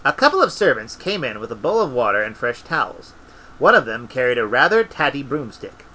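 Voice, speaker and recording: A man reading a story aloud in a relaxed way, with restarts and little asides. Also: medium pitch, a little fast, rough recording. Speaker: audiobook reader.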